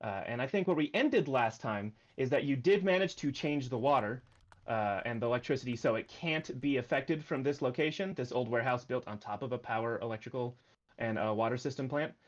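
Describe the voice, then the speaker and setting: Male GM, mid-pitched, halting recap delivery, muffled stream mic. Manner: hesitant, many uh fillers. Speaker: game master. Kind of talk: narrating a tabletop game stream.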